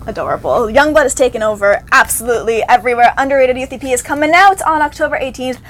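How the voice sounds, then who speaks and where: A young woman with a Canadian accent, hosting a casual interview, bubbly and quick to laugh. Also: sits high, expressive, slight background noise. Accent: Canadian English. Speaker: interviewer host.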